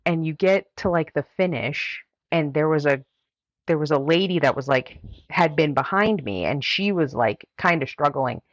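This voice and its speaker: A woman's voice: deep voice, lively intonation, moderate pace, no echo. A woman guest on a talk show, telling a story in a chatty way with lots of filler words. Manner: chatty, heavy use of "like" fillers. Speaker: guest runner. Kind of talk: casual storytelling. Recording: dull, dry lo-fi audio.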